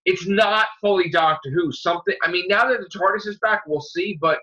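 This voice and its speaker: A man with a high, bright, sharp-edged voice rants his way through a casual fan podcast, full of fillers, false starts and swearing. The audio is dull and lo-fi. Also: a little fast. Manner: ranting, swearing, frequent fillers and restarts. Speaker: podcast co-host.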